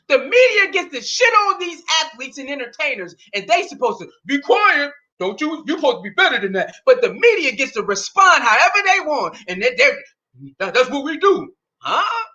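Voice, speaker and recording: A man's voice: very high-pitched, bright, forceful tone, dull audio. A man in his thirties hosting a heated solo sports rant, indignant and profane, firing off rhetorical questions. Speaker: sports talk host.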